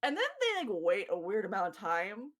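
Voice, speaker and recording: A woman co-hosts a podcast in casual chat. Her pitch swings widely, and she talks in an animated way, often acting out what others said. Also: moderate pace. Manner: animated, acts out what people said. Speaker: podcast co-host.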